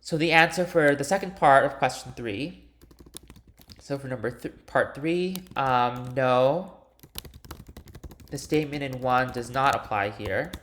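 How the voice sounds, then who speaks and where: In a recorded lecture, a male linguistics teacher works through a homework solution one step at a time, with fillers and restarts. His fairly bright, mid-range voice is unhurried and he pauses often.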